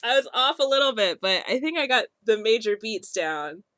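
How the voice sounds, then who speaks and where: Bright, giggly woman co-host. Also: on the high side, normal speed, no room sound. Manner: giggly and excitable. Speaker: podcast co-host. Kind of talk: casual chat.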